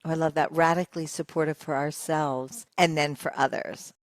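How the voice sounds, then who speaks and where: Lower-voiced woman co-host, affirming. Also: fairly even intonation, normal speed, studio quality. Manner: affirming, echoes the guest's words. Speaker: podcast co-host. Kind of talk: warm interview chat.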